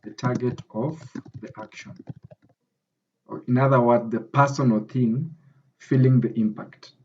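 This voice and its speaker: A man's voice: medium pitch, fairly even intonation, unhurried, darkish tone, dull audio, a little hiss or hum. A man with a Kenyan English accent explaining grammar as a tutor, often checking in with "okay?". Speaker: academic writing tutor. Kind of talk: screen-recorded grammar lesson.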